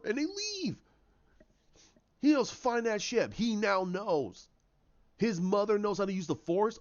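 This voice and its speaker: High-voiced man eagerly retelling scenes. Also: normal speed, muffled recording. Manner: animated, acts out scenes with restarts and sound effects. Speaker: channel host. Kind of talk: casual retelling of a story idea.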